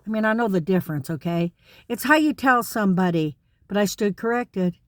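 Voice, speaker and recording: A woman's voice: medium pitch, lively intonation, a little fast, dry recording, clean studio sound. A woman ranting to camera in an indignant, emphatic way, repeating words for stress. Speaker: vlogger. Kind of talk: direct-to-camera rant.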